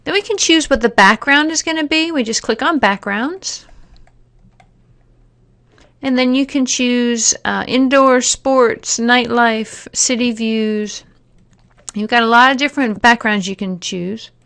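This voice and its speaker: A woman narrating a software tutorial, explaining each step plainly with occasional fillers. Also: fairly high pitch, a little slow. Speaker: teacher giving a software tutorial. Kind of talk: screen-recorded tutorial narration.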